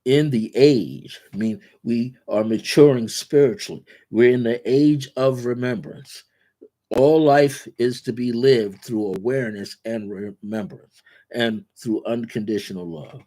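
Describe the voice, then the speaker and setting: A man hosting a guided spiritual talk, speaking in repetitive, incantatory affirmations and slowing down on key words. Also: medium pitch, dark tone. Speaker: spiritual teacher and show host.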